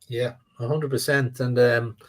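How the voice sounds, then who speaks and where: A man's voice: mid-range voice, steady tone, a little slow. An older Irish man talking in a rambling, repetitive way as a guest on a live-stream chat. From Ireland. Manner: rambling, repeats words, trails off.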